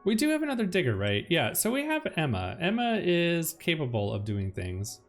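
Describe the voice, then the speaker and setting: A man talks through his gameplay in a relaxed, chatty way, his voice leaping up and down as he goes. There is a gravelly rasp under his words, and music plays behind him. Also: a little high, moderate pace. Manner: chatty, swings between calm planning and loud alarm. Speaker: let's play host. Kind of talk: casual gameplay commentary.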